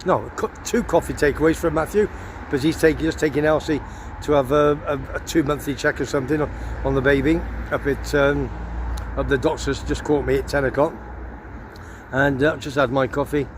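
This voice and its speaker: This older man from Gloucestershire talks fairly quickly in a slightly high, steady voice. Holding his phone as he strolls through town, he rambles in a cheeky, chatty, self-promoting way, while street noise and traffic crowd the outdoor audio.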